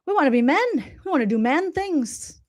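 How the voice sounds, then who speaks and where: A woman doing a mocking impression of a middle-aged man who whines loudly about his wife making him wear sweaters. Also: high voice, expressive, a little fast, voice pushed up. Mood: whiny. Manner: mocking, exaggerated, loud.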